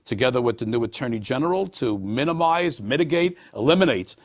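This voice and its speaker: A man in his sixties with a Brooklyn accent, a borough official answering interview questions in a folksy, animated way with many hesitations. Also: medium pitch, a little fast. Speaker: borough president. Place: TV studio.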